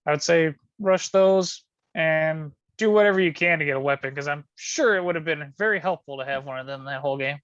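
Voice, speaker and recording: Laid-back man, higher voice, dull lo-fi mic, casual game chat. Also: brisk, fairly bright tone, no room sound. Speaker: board game group member. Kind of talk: casual group discussion.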